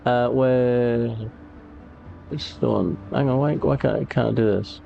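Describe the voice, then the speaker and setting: A man's voice: mid-range voice, moderate pace, creaky, darkish tone, muffled recording. A man rambling casually through gameplay commentary and a story, with many fillers and restarts. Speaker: gaming YouTuber. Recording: game music behind the voice.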